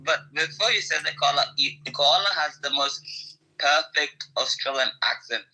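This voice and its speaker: A man with a rough, damaged voice, rambling in casual chat with profanity and constant "like" and "you know". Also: on the high side, moderate pace, pushed and bright, low-quality recording. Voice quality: rough, damaged voice from a childhood injury. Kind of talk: casual chat in an online audio room.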